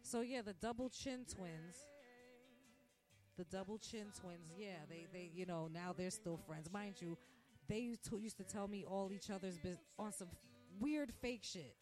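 A woman's voice: medium pitch, unhurried. Blunt, profane woman ranting. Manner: blunt, profane, animated storytelling. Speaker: podcast host. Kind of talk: casual ranting monologue. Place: restaurant where she works. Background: faint background music.

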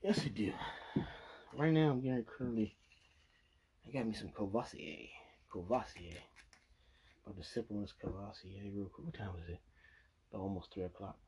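A man's voice: fairly low pitch, normal speed, long pauses, mellow, slight background noise. A young man vlogging, telling a rambling, profane drinking story and laughing at himself. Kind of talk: casual storytelling monologue.

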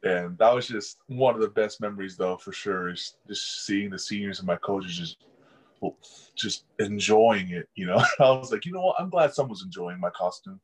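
A man's voice: on the low side, moderate pace, husky, low-quality recording. A young man, a college football player, telling casual stories in an interview and laughing often. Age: young adult. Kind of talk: casual storytelling.

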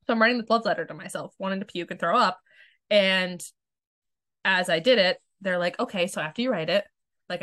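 A woman's voice: fairly low pitch, fairly bright tone. A woman coach speaking casually and frankly about her own experience, swearing freely and acting out what she once said to herself. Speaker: self-love coach. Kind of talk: candid personal storytelling.

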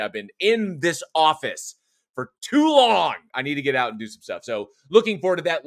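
A man with a bright, forceful voice chats casually about horror films as a podcast co-host. He rambles, restarts his sentences and laughs often. The sound is close and dry, with no room around it. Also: medium pitch, dry recording. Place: home office.

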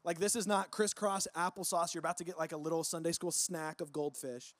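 Man, high voice, dry close sound, casual sermon, chatty, lots of fillers. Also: a little fast, no echo. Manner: relaxed, peppered with filler words. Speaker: pastor. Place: church service.

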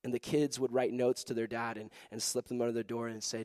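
A young man preaching to a youth group, telling a story with lively acted-out voices and frequent laughter. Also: medium pitch, a little fast, no room sound. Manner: animated, acts out voices in his story, laughs often. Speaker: pastor.

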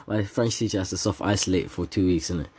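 A teenage guy hosts a casual solo podcast, rambling from topic to topic, joking, laughing often, and using plenty of slang. His voice sits on the low side with a breathy edge, at a moderate pace.

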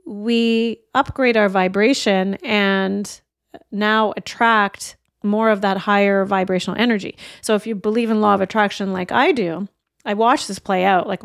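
Middle-aged woman, motivational podcast host, earnest storyteller, medium pitch, dry booth sound. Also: no echo. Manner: earnest and openhearted, shares personal stories. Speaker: life coach and podcast host. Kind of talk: reflective motivational talk.

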